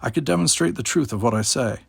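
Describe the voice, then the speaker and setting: A man voicing a calm, logical alien officer who speaks formally. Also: medium pitch, quick pace, vocal fry, husky, no room sound, studio quality, voice pushed up, heavily acted.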